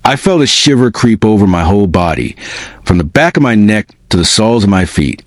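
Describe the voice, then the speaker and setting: A man narrating a first-person spooky story in an expressive, unhurried way. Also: lowish voice, no room sound.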